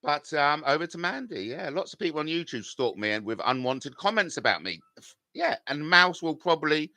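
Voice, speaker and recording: A man's voice: on the high side, big pitch swings, fairly quick, pushed and bright, dry recording, clean studio sound. A middle-aged man, live-streaming and reading out chat comments in a combative, rambling way full of swearing.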